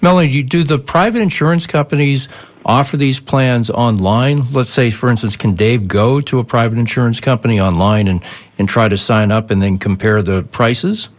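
A man's voice: mid-range voice, moderate pace. A man hosting a call-in radio show, talking conversationally and often stammering and repeating words. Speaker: radio talk show host.

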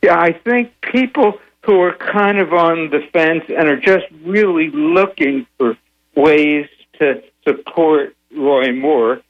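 Measured older man on muffled radio. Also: on the high side. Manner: measured, many "uh" pauses, dry humor. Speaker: guest, founder of a secular advocacy group. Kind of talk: radio interview answers.

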